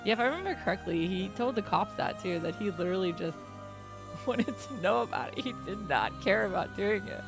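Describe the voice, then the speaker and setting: This woman streamer's medium-pitched, expressive voice moves a little fast as she plays a game with music in the background. She keeps up a chatty, giggly let's-play commentary and reads lines of game dialogue out loud.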